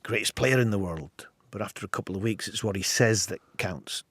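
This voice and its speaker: A man in his sixties with an English accent, a former footballer talking as a guest in a measured, reflective way. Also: fairly low pitch, a bit bright, no room sound. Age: 60s. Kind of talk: casual podcast chat.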